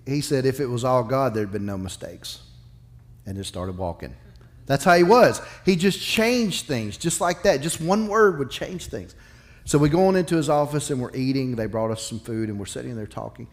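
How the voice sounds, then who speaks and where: A man preaching a sermon as pastor, emphatic and confessional, moving between loud and hushed delivery. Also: medium pitch, sing-song, normal speed.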